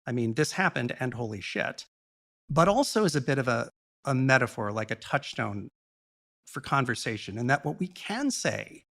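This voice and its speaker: A man speaking as a podcast guest, explaining a topic in a long, measured and earnest monologue with the odd blunt aside. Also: medium pitch, vocal fry, fairly bright tone.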